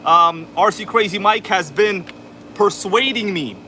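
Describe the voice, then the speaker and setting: A man's voice: sits high, a little slow, sharp tone, slight background noise. A man with a New York accent hosting a casual livestream, greeting viewers by name in an exaggerated, hyped announcer style. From Queens, New York. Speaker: RC livestream host. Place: indoor room with air conditioner running.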